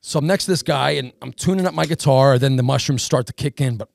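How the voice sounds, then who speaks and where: Gravelly man telling a wild story. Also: mid-range voice, fast talker. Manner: animated storyteller, acts out voices in quotes. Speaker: podcast co-host. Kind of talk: casual storytelling chat.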